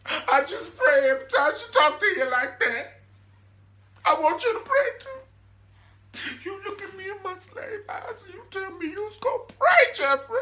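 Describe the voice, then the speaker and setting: A man voicing a weepy, pleading woman in a shrill falsetto with a sobbing, wailing delivery. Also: big pitch swings, measured pace, sharp tone, roomy sound, exaggerated voice. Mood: tearful pleading.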